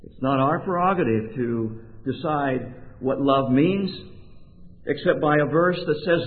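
A man from Oregon preaching a sermon in slow, deliberate phrases with emphatic pauses. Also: mid-range voice, expressive. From Oregon, USA. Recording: tinny, lo-fi sound with long hall reverb.

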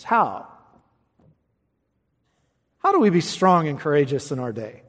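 A man preaching a sermon, reading scripture with emphasis and rising high on the quoted verses. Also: very animated, unhurried, pauses often, a bit bright. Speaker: pastor. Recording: long reverb of a large hall.

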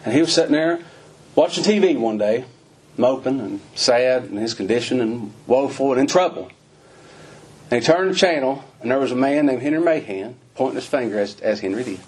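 A man's voice: mid-range voice, expressive, fairly quick, darkish tone, slightly rough. A male pastor, preaching a folksy, emphatic sermon full of rhetorical questions.

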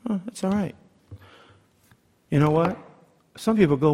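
A man's voice: fairly high pitch, lively intonation, moderate pace, long pauses, a little mellow. A middle-aged man preaching a sermon, emphatic, calling for amens and asking the congregation rhetorical questions. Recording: long hall reverb.

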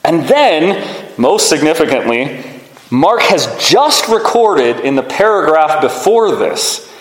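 A man delivers a teaching sermon in a somewhat high voice. He explains earnestly, with fillers and restarts. The sound rings out with the long reverb of a large hall. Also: very animated, slow. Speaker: preacher.

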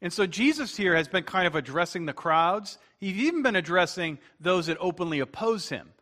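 Male pastor, slightly high voice; earnest sermon delivery that slows and builds on key points. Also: animated, pushed and bright.

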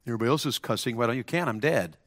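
A man preaching with a bright, forceful voice, animated and punchy. He leads the room in call-and-response phrases and works with a student volunteer as he goes. The sound is dry and close. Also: medium pitch, very fast, dry recording. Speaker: preacher at a school chapel. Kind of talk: sermon to students.

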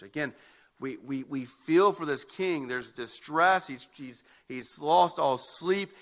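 A man delivering a sermon in a bright, forceful voice set a little high for a man. He is emphatic and doubles back on words as he drives each point home. His pace surges and slows as he presses the story's tension. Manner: emphatic, repeats words when building a point. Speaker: pastor. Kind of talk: expository sermon.

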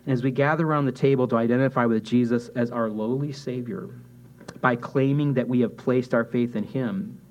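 A man's voice: medium pitch, brisk, a little mellow, dull audio. Man preaching a conversational sermon. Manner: conversational preaching with quoted asides and restarts. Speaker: pastor.

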